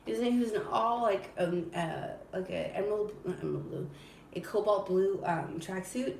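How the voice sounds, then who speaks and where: A woman from Southern California, a podcast guest telling stories in a dramatic, animated way that sometimes trails off sleepily. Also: medium pitch, normal speed, vocal fry, far from the mic, slight background noise. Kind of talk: casual storytelling chat. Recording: echoey room, away from the mic.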